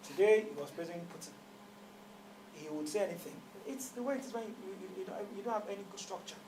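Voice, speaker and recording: A man with a Nigerian accent, a guest in a conversational interview, speaks emphatically from his office and poses rhetorical questions. His voice sits high and expressive, he talks fast, and background noise is audible.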